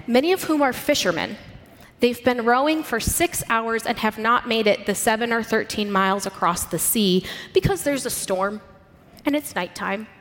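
A woman preacher giving a sermon, retelling stories vividly and earnestly, asking the listeners rhetorical questions. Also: on the high side. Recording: long hall reverb.

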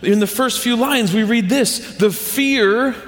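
High-voiced man preaching in a reverberant church. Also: unhurried. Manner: conversational storytelling with animated quoted voices. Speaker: pastor. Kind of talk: sermon. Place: church sanctuary.

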